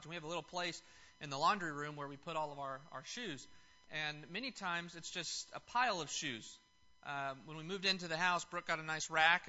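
A man's voice: on the high side, pushed and bright. A man preaching a Sunday sermon, moving from casual announcements to emphatic teaching. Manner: conversational, rising to emphatic preaching. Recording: dull lo-fi sound.

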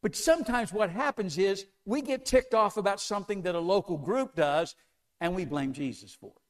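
Man, preacher, sermon, high voice, very animated pitch, rhetorical questions. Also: normal speed. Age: older. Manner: asks the congregation many questions, lively emphatic delivery.

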